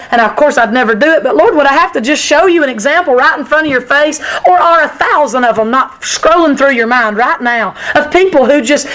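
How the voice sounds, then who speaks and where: A woman's voice: sits high, fairly bright tone, poor audio. A woman teaching a women's Sunday school class in a church, emphatic and repetitive in her delivery. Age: adult, former sixth-grade teacher.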